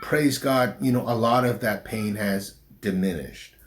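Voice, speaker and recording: A middle-aged man, a pastor, speaking slowly and haltingly in an interview, with a slight southern drawl since his stroke. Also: lowish voice. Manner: slow, halting speech with restarts after a stroke. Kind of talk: personal interview.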